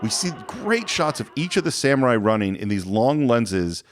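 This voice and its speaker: A man with a lively, swinging pitch recaps a classic film for his podcast co-host. He talks casually and animatedly, and he keeps slipping into quick character voices as he tells each scene. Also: slight background noise. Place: podcast studio.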